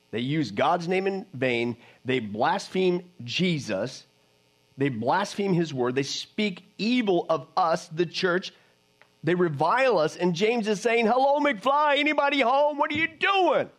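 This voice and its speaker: A man preaching a fiery sermon, firing off scolding rhetorical questions and sometimes dropping to a low murmur. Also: husky.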